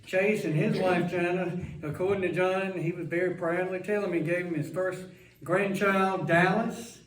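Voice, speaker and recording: A man's voice: sits high, fairly even intonation, moderate pace. A man hosting an event before a live audience, introducing a guest in a rambling, joking, chatty way. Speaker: host introducing a guest speaker. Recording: roomy hall, mic some distance away.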